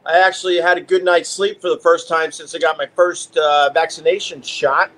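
A man's voice: fairly high pitch, level tone, moderate pace, a bit bright. A middle-aged man, a radio host on a live stream from home, rambling and profane in casual chat.

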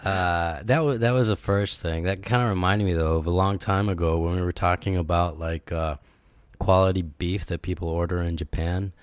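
Deep-voiced man chatting on a podcast. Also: fairly even intonation, normal speed, dry recording. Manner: rambling, many fillers and laughs. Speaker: podcast co-host. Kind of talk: casual podcast chat.

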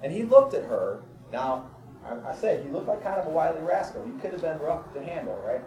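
A man's voice: a little high, big pitch swings, brisk, warm tone. A man preaching a sermon, reading scripture with rising fervor and then telling everyday stories in a conversational way. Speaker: pastor. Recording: echoey room, far from mic, crowd.

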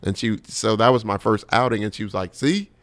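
Animated New comedian, low voice. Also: male voice, quick pace. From New York. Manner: animated storyteller, swears freely, acts out quotes. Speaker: comedian guest. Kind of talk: casual podcast chat.

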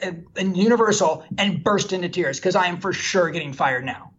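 A man with a husky, slightly breathy voice spins a candid, self-deprecating story from his career as a guest on an interview show. The recording is dull and lo-fi. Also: high voice, a bit bright. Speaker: film director guest. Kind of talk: animated anecdotal storytelling.

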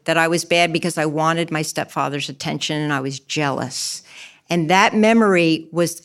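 A middle-aged woman giving a candid personal testimony in an interview, emotional and acting out her own past words. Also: on the low side. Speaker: guest telling her testimony. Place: church.

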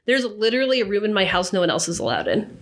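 A woman's voice: medium pitch, big pitch swings. Chatty pregnant woman. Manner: chatty, self-mocking, quick to laugh. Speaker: podcast co-host. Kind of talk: casual chat.

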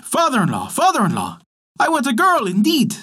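Casting: man voicing a bossy storybook frog, high husky croaking demands. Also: wildly swooping pitch, fairly quick, bright, forceful tone, exaggerated voice. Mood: demanding. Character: demanding greedy male frog in a well. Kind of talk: storybook character voice.

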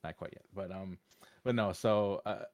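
A man's voice: low voice, normal speed, no room sound, studio quality. A man co-hosting a casual fan podcast, joking around and laughing a lot. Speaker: podcast co-host.

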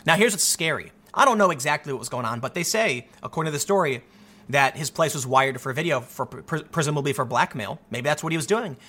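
Animated high-pitched man commenting. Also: quick pace. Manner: animated, repeats himself, many restarts. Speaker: commentary host. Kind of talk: casual political commentary.

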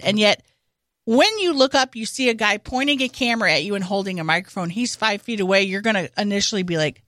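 A woman's voice: medium pitch, lively intonation, a little fast, a bit bright, no echo. A woman co-hosting a casual comedy podcast, wry and analytical. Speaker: podcast co-host. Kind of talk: casual chat.

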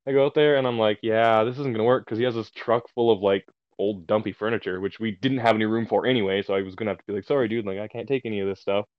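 A man's voice: on the low side, steady tone, fast talker, hardly any pauses, smooth, no room sound, dull audio. A man casually telling a long story on a podcast, swearing and amused at himself, heard over a remote call. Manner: laid-back, swearing, self-amused storyteller.

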